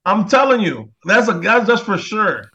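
A man's voice: high-pitched, very animated, normal speed, a crowd in the background. Rambling man, muffled lo-fi sound. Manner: rambling, repeats words, argues insistently. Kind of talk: casual chat.

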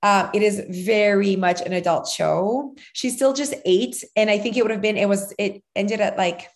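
A woman in her thirties tells a long story in a loose, rambling way, full of "like" and "um". She keeps slipping into brief quoted voices, and her pitch sits in an ordinary middle range. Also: normal speed. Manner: rambling, filler-heavy storytelling with acted-out quotes. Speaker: podcast co-host, mother of a child actor. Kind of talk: casual chat.

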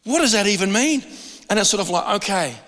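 High-voiced preacher in a reverberant hall. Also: male voice, animated, brisk, a bit bright. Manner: conversational, stumbles and repeats words, stretches key phrases. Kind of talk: sermon.

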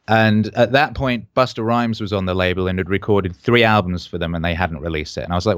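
A man from Wales, a musician guest, telling animated stories in a casual interview and quoting people along the way. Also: deep voice, a little fast, hardly any pauses, clear, resonant tone, dry recording, clean studio sound. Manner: animated anecdotes with quoted voices.

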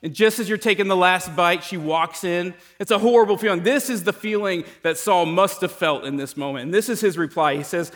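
A male pastor preaching to his congregation with a slightly high voice. He talks in a relaxed, conversational way, telling stories and jokes about himself. He often restarts phrases and repeats words as he goes. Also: brisk, hardly any pauses. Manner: conversational storytelling preacher with self-deprecating jokes. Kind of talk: sermon.

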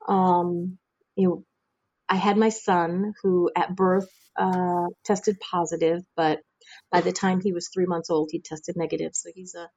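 A woman's voice: on the low side, unhurried, no room sound, muffled recording. Frank Midwestern woman telling her life story. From American Midwest. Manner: frank, acts out quoted voices with lively jumps. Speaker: interview guest. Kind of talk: candid personal storytelling.

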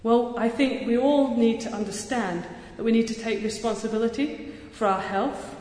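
A woman giving an earnest, energetic public talk as a surgeon, with touches of self-deprecating humor. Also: a little high, moderate pace, a little hiss or hum. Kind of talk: public speech. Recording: echoey hall with long reverb.

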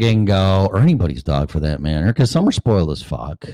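Brief: low-voiced male host, profane and chatty, dry close-up sound. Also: sing-song, fairly quick, hardly any pauses, warm tone, no room sound. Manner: profane, conversational, asks rhetorical questions. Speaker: show host. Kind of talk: casual rambling monologue.

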